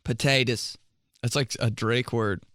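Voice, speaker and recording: A man's voice: mid-range voice, fairly even intonation, measured pace, fairly bright tone, no echo, clean studio sound. A young man hosting a podcast, telling comic stories in a casual monologue, laughing often and mimicking voices. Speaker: podcast host.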